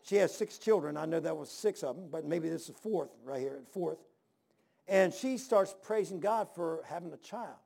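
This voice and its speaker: Gravelly high-voiced preaching man. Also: darkish tone. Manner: emphatic storytelling, rhetorical questions. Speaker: pastor. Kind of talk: sermon.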